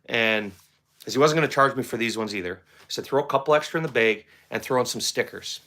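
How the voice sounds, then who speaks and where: Middle-aged male host, bright tone, rambling casual storyteller who repeats himself. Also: mid-range voice, fast. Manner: rambling, repeats words, conversational. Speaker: firearms channel host.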